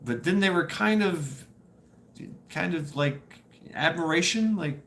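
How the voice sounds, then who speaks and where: A man's voice: a little high, expressive, measured pace, a bit bright. A man hosting a livestream, telling stories to his chat in a loose, rambling way, laughing and swearing as he goes. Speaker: livestream host. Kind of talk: casual storytelling to live chat.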